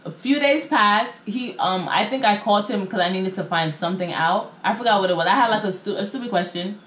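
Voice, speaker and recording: Speaking briskly in a mid-range, somewhat bright voice, a young woman vlogs from home, narrating a slangy, chatty storytime and performing what everyone said. Her camera mic picks up an echoey room, and the audio is poor.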